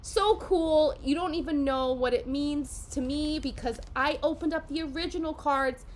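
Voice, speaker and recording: A middle-aged woman talks through an unboxing at home in a high voice, gushing and excitable, with quick bursts of delight. A faint hiss sits under her voice throughout. She sounds like a parent sharing a hobby with her kids. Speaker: host. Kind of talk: casual unboxing chat.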